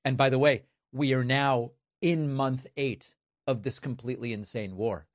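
A man's voice: mid-range voice, steady tone, moderate pace, no echo, clean studio sound. A man delivering emphatic, sarcastic political commentary. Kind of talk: opinion commentary.

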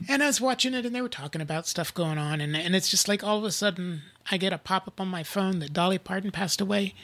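A man in his sixties hosts a casual group conversation. His voice is bright and clear, and he is upbeat, laughing easily between remarks. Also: high-pitched, quick pace. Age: 60s.

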